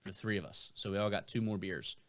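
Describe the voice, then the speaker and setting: Young man, podcast guest, bright forceful voice, rambling stories, swearing, casual. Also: fairly low pitch, a little fast. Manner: rambling anecdotes with fillers and profanity. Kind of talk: casual storytelling.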